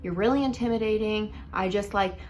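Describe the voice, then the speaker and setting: A young woman casually telling a dating story at home in a chatty, animated way, full of likes and ums. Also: mid-range voice, brisk, dull audio, slight background noise. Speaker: vlogger.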